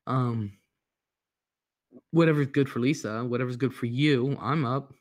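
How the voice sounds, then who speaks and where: A man's voice: mid-range voice, a little slow. Laid-back man reading viewer comments. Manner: reads out viewer comments, greets chatters by name; laid-back, profane, rambling. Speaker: livestream host. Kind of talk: casual livestream chat. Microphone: headphones and computer mic.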